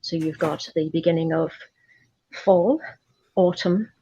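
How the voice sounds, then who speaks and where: A woman talks through a subject in casual chat, explaining at length and saying "aye" now and then. Her voice sits a little low. The recording is dull and lo-fi, as if it came through a remote call. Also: fairly even intonation, measured pace, vocal fry, dark tone, husky. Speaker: podcast guest.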